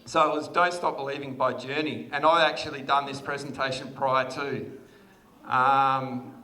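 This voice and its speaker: Bright and forceful, the Australian groom's medium-pitched voice moves little in pitch and runs at normal speed. The man, in his thirties, laughs often through a chatty, self-deprecating speech as guests chatter in the large reception hall.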